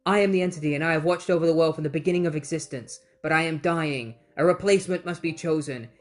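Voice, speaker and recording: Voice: medium pitch, quick pace, soft background music, close to an everyday voice. A comic reviewer reading out the lines of an ancient, dying cosmic entity in an everyday voice. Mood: solemn. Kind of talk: casual paraphrase of comic dialogue.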